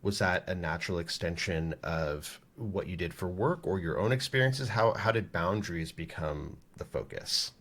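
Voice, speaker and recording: A man hosting a podcast, asking calm, brief interview questions. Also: low voice, moderate pace, hardly any pauses. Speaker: podcast host.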